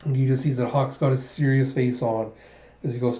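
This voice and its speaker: A man's voice: medium pitch, steady tone, a little fast, warm tone, roomy sound, dull audio. A man casually retelling a manga story chapter by chapter as a reviewer, in a loose, chatty way.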